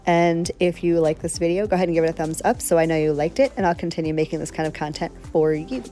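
A woman's voice: fairly low pitch, fast talker, warm tone. A woman chatting casually while demonstrating a nail tutorial, friendly and talkative, with a light allergy cough. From South Florida. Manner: chatty, friendly, laughs easily.

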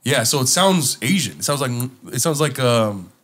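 A man co-hosting a casual podcast chat, telling animated stories that get loud when he is worked up. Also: mid-range voice, normal speed. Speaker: podcast co-host.

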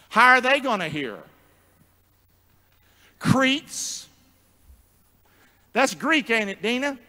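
A man pastor preaches in a church sanctuary with a high, ringing, bright voice that trails into a long reverb. He pulls the congregation into call-and-response, swinging between booming shouts and hushed asides. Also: lively intonation, normal speed, long pauses. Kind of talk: sermon.

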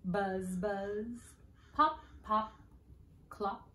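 A woman leads preschool story time, reading picture books aloud in a slow, sing-song way and playfully doing animal noises for the children. Her voice is mid-range, steady and fairly bright, and the recording sounds roomy.

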